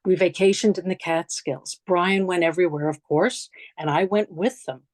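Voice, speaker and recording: Low-voiced woman telling family stories at a lecture. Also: moderate pace, dry recording. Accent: New York. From New York City. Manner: conversational, reflective, frequent restarts and asides. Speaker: memorial lecture presenter. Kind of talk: personal storytelling lecture with slides.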